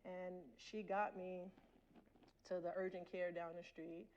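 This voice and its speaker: A woman's voice: on the low side, flat delivery, takes it slowly, darkish tone, muffled recording, slight background noise. A woman in her forties giving a candid personal storytelling talk as a guest lecturer, speaking straight to the audience. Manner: candid, addresses the audience directly. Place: lecture hall.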